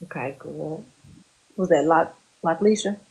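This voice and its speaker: Woman therapist, slow unhurried delivery, calm guided relaxation instructions, group session over a video call. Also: deep voice, creaky, muffled recording.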